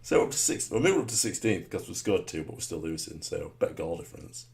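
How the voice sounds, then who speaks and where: A man giving live commentary on his own football game, muttering rhetorical asides and breaking into sudden excited shouts. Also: low-pitched, quick pace, creaky.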